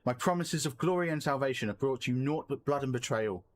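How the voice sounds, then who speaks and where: A man's voice: mid-range voice, brisk, lightly acted. A man reading as a solemn young elf leader. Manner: formal, solemn, remorseful. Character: earnest formal young male elf scholar-leader. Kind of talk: reading game dialogue aloud.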